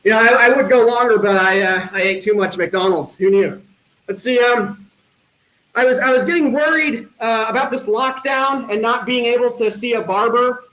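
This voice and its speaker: A man doing stand-up one-liners at an online talent show, with a deadpan punning delivery and hesitant fillers. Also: extremely high pitch, moderate pace. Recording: echoey room.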